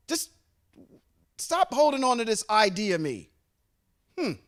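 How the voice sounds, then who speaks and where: A man's voice: very high voice, sing-song, a little slow, a bit bright. A man leading a bible study, reading verses aloud and stopping often to explain and check with his listeners. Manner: reads scripture aloud, stops to explain and ask the group. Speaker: scripture teacher.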